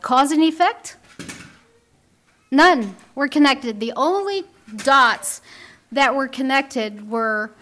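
A woman's voice: high-pitched, fairly bright tone. A middle-aged woman giving an earnest, wry talk on faith and raising children. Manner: earnest and wry, acts out quoted voices. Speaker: speaker on Christian parenting. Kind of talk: faith-based parenting talk.

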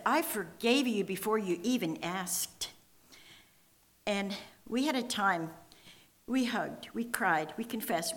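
Older woman sharing an emotional testimony. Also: lowish voice. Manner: earnest, emotional storytelling with quoted dialogue. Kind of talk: personal testimony.

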